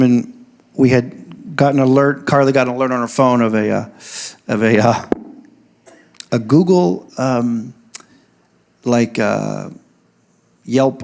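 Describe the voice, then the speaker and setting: Guy preaching at church, kinda gravelly voice, chatty and jokey between the bible verses. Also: medium pitch, darkish tone. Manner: conversational, joking storyteller between scripture readings. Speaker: pastor. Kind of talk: sermon. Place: church service.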